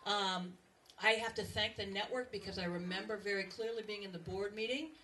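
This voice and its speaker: A woman's voice: mid-range voice, fairly even intonation, brisk. A woman in her fifties gives a joking farewell speech as the outgoing president and emcee. She mocks herself and uses a lot of fillers. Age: 50s. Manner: self-mocking and joking, with many fillers. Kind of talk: humorous farewell speech at an event. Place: large banquet room with a laughing audience. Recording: distant, noisy recording over a loud crowd.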